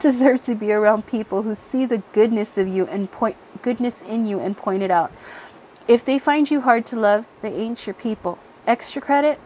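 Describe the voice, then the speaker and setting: Woman tarot reader, casual pick-a-card chat, higher-pitched, blunt and profane, faint background hiss. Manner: blunt, frequent swearing, many fillers. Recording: faint background noise, helicopter overhead at times.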